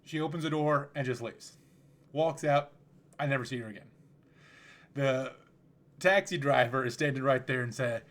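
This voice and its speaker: A man hosting a podcast, telling a story casually in a relaxed, rambling way with frequent restarts. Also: medium pitch, normal speed, long pauses. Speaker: podcast host.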